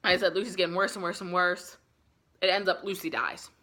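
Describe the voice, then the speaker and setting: This young woman in her twenties has a lowish, sharp voice with a steady tone and a brisk pace. Slightly drunk, she gives a casual book-vlog summary of a classic novel, rambling, swearing plenty, and filling it with "like."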